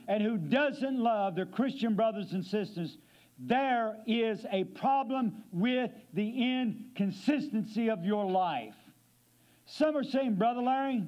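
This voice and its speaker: A male guest preacher delivering a sermon in a church, slowing down to stress scripture and dropping to a low, quiet voice for effect. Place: church sanctuary.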